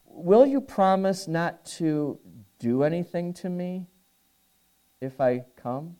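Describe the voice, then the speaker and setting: Frightened, hesitant young girl, read by a male preacher: pleading, mellow. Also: high voice, expressive, slow pace, smooth, voice pushed up. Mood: fearful. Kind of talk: reading a story aloud in a sermon.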